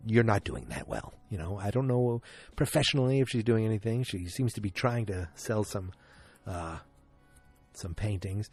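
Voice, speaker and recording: A man hosting a podcast, casually recapping an episode and acting out the characters' lines as he goes. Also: a little mellow. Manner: retells scenes, acting out the lines with pitch jumps; many fillers and restarts, chatty. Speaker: podcast host.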